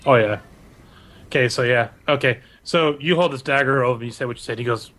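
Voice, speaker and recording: Man, game master, rambling narration, bright voice, mid pitch. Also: brisk. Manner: loose, rambling, stumbles over names.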